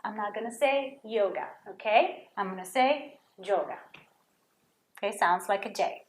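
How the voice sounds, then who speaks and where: A woman's voice: mid-range voice, normal speed, echoey room. A woman teaching a Spanish lesson to children, patiently sounding out words and repeating them for students to copy.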